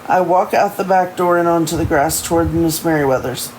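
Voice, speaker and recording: Casting note: casual livestream reader of a first-person novel, mid-pitched, frequent slips. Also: brisk, a little mellow, a little hiss or hum, low-quality recording. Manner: stumbling first-person narration with frequent self-corrections. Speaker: streamer reading a book aloud. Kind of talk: reading a novel aloud on a livestream.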